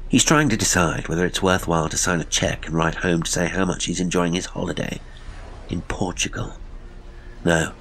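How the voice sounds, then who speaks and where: A man's voice: sits low, fairly bright tone, a little hiss or hum. A man voicing a suave, menacing villain who speaks with chilly, biting scorn. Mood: gloating.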